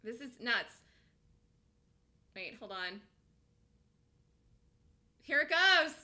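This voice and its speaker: Excitable woman calling live trades. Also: a little high. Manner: excitable, gasping and squealing as trades move; rapid, repetitive play-by-play. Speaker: day-trading show host. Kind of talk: live trading commentary.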